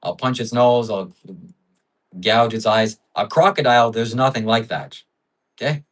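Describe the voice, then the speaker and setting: A man's voice: medium pitch, a little slow, recorded from a distance, poor audio. A man hosting a livestream in casual chat, musing and rambling with frequent fillers. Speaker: livestream host.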